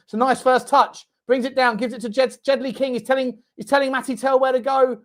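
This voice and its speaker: A young man hosting a live football watchalong, reacting loudly, swearing and shouting at the game. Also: extremely high pitch, quick pace, few pauses. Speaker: fan channel host. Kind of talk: live match watchalong commentary.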